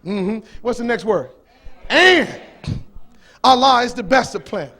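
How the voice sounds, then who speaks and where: High-voiced fiery male preacher. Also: lively intonation, unhurried. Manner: preaching in rising bursts, shouting and questioning the audience. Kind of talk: fiery sermon with call-and-response.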